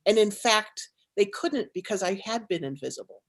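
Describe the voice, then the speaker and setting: A woman speaks on a panel as the co-founder and head of a nonprofit. She retells a personal story in a lively, dramatic way, full of likes and quick restarts. Her voice sits at an ordinary middle pitch.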